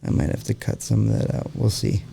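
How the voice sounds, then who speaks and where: A man hosting a casual podcast, his voice gravelly with a dark, mellow tone. He rambles through his points with a steady stream of "like" and "you know," and swears freely. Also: on the low side, fairly quick. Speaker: podcast host.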